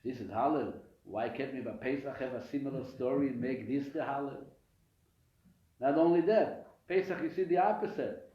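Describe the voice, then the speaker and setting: Rabbi, echoey lecture. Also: male voice, medium pitch, normal speed. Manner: animated, asks and answers his own questions; frequent hesitations and restarts. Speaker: rabbi teaching a weekly class. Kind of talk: live Torah class lecture. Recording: echoey room, dull lo-fi sound.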